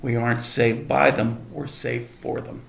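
Man, gravelly voice, casual bible study talk, reads verses then explains, echoey room. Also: mid-range voice, little pitch movement, measured pace. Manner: reads scripture aloud and explains it conversationally. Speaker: Bible teacher.

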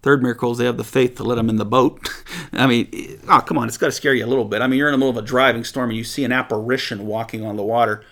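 A man with a gravelly, creaky voice at an ordinary middle pitch, teaching the Bible in a relaxed, conversational way. He reads verses aloud and breaks into lively asides and chuckles with his listeners. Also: racing. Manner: conversational, animated, chuckles often.

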